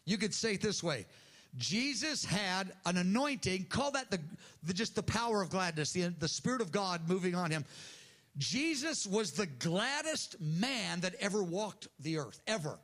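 A man's voice: high-pitched, sing-song, normal speed, fairly bright tone. An older man preaching an earnest sermon to a congregation, acting out voices in the prayers he quotes. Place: church hall with audience.

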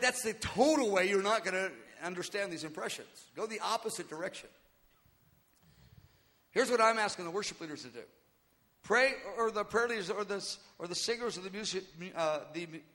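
A man's voice: high voice, bright, forceful tone. A man preaching a teaching sermon, earnest and exhorting, repeating his points. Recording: long hall reverb.

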